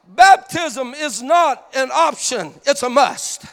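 A man preaching a fervent sermon, breaking into shouts and a sing-song cadence, with many "uh" fillers. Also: very high voice, animated, slow pace. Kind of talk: impassioned sermon.

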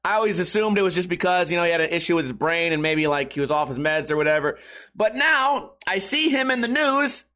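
A man with a fairly high speaking voice rants in a loose, profane comedic monologue. He laughs at his own jokes and breaks off into quick asides. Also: lively intonation, bright, forceful tone. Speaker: comedy podcast host.

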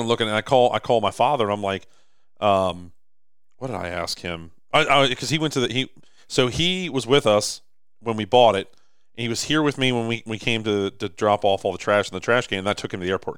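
A man's voice: fairly low pitch, fairly bright tone, clean tone, no room sound, clean studio sound. A man co-hosting a podcast, rambling through a long story in casual chat, with many restarts. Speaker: podcast co-host. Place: indoor office or shop.

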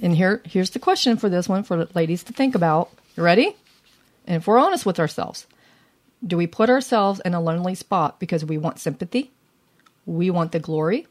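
A woman co-hosting a casual faith chat for women, lively and earnest, laughing easily. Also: lowish voice, a little fast. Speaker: co-host of a women's faith talk.

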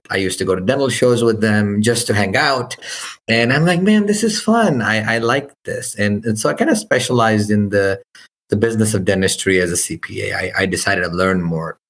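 A middle-aged man, a podcast guest, talking in a relaxed, conversational way. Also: fairly low pitch, normal speed. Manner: relaxed, many fillers and restarts. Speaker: podcast guest, business founder. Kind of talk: casual interview answer.

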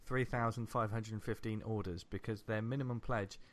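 A man's voice: on the low side, steady tone. A man co-hosting a podcast in casual chat, chatty and agreeable. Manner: chatty, agreeable, quick to laugh. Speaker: podcast co-host.

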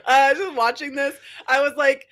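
A woman's voice: sits high, fairly even intonation, normal speed, a bit bright. A woman co-hosting a casual movie podcast, wry and dry, laughing now and then and swearing. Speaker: podcast co-host.

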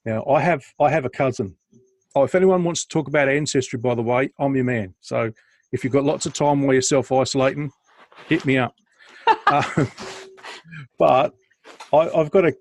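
In casual podcast chat over a video call, a male co-host tells rambling, jokey stories punctuated by restarts and laughter. His medium-pitched voice keeps a normal speed but pauses often, with no room sound.

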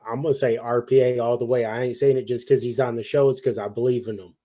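A man's voice: medium pitch, steady tone, quick pace, mellow. A man co-hosting a wrestling podcast, speaking in a laid-back way with casual slang. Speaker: podcast co-host. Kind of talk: podcast chat.

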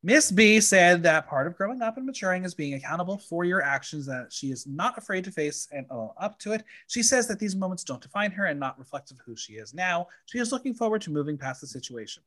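A man's voice: sits high, sing-song, fast, few pauses, sharp tone. A man hosting a casual podcast chat, reading news items and adding his own asides. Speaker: host.

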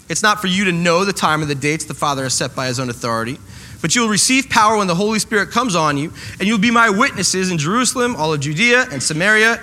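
A man's voice: sits high, bright, forceful tone, a little hiss or hum, rough recording. A man preaching a sermon to a congregation, joking and acting out the voices of the people in his story. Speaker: pastor. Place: church hall with a congregation.

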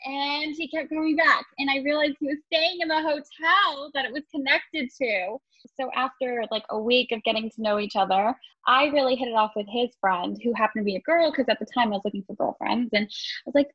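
A woman in her thirties tells a personal story as a podcast guest, her voice sitting on the higher side. She speaks in a lively, animated way, laughs often and puts on voices for the people she quotes. The sound is dry and a little dull. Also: moderate pace, no echo. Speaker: interview guest. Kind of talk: casual storytelling.

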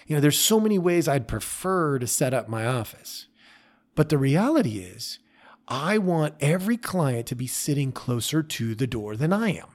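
A man in middle age hosts his own podcast, talking casually and at mid pitch. He speaks in a chatty, self-deprecating way, often restarting his sentences. He sounds like a therapist explaining ideas to listeners. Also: darkish tone. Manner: conversational, self-deprecating, frequent restarts and fillers. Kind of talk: casual solo podcast talk.

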